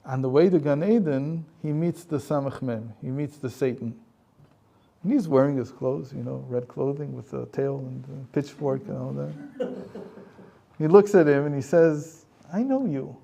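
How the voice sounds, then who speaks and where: A man's voice: mid-range voice, measured pace, gravelly, dark tone. A man, a rabbi and teacher, telling a story in a conversational lecture with frequent chuckles.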